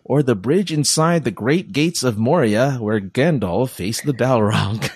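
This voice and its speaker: A man's voice: medium pitch, unhurried, slightly rough, dry recording, studio quality. A man co-hosting a podcast, reading quiz questions aloud in a casual, playful way and laughing often. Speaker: podcast co-host.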